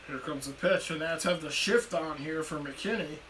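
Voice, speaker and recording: A man's voice: fairly high pitch, moderate pace, fairly bright tone, recorded from a distance, slight background noise, poor audio. A man co-hosting a live stream, giving casual play-by-play reactions and teasing his co-host. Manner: joking, teasing.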